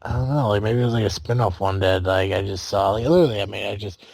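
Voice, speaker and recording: A man's voice: fairly low pitch, fast talker, creaky, a little mellow, breathy edge, no room sound. A man hosting a podcast in casual chat, rambling with fillers, swearing and laughing often. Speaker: podcast host.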